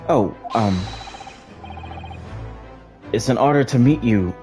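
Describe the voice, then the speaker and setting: A man's voice: medium pitch, lively intonation, takes it slowly, dark tone, voice pushed up. A man voicing a nervous young Japanese law student who talks hesitantly. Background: game music.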